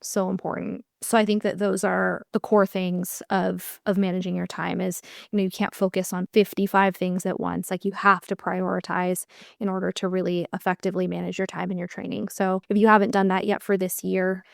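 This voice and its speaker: An American woman gives encouraging advice on a podcast, thoughtful and easy to laugh. Her middle-pitched voice has a gravelly fry, and the recording is close and dry. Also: flat delivery, brisk, no echo. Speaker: co-host, dance instructor. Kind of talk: casual podcast chat.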